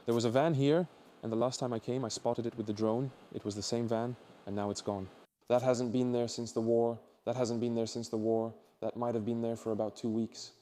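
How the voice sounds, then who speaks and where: Excitable man with a mellow voice. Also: mid-range voice, fairly quick, few pauses, a little hiss or hum. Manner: excitable, exclamatory, guiding viewers. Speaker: urban explorer vlogger. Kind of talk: exploration vlog commentary.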